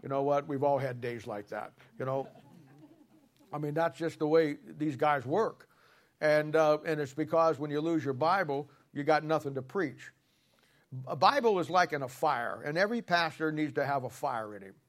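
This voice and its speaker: A man's voice: a little high, moderate pace. A man preaching a sermon in a folksy, colloquial storytelling way, with emphatic points. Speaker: pastor.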